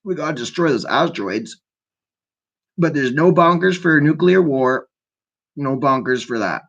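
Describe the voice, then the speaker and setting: A man's voice: on the high side, expressive, a little slow, vocal fry, fairly bright tone, dull audio. A man from Canada hosting his own show, ranting in a profane, rambling monologue about conspiracies. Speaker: host.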